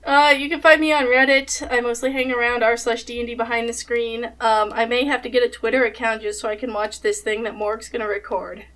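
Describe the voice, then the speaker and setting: Relaxed, slightly high-voiced woman. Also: a little fast, hardly any pauses, low-quality recording. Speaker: podcast guest. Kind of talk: casual chat.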